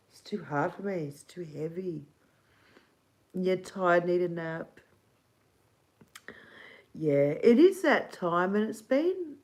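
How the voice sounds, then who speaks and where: A woman's voice: fairly low pitch, a little mellow, low-quality recording. A middle-aged Australian woman hosting a casual livestream, rambling and giggly, swearing casually. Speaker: livestream host.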